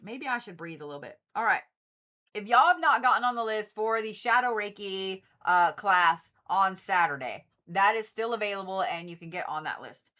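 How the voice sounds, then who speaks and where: Woman, livestream card reader, bright forceful tone, chatty and blunt with the odd curse. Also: mid-range voice, lively intonation, normal speed. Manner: chatty, swears freely, talks straight to viewers. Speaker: Reiki practitioner and tarot reader. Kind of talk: casual livestream card reading.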